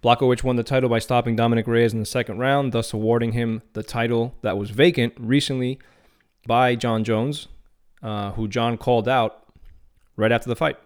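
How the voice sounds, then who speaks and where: A man's voice: medium pitch, steady tone, moderate pace, clear, resonant tone. A man hosting his own podcast, talking through fight news in a casual, opinionated way. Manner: casual, opinionated, some restarts. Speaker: podcast host. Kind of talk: solo MMA news commentary.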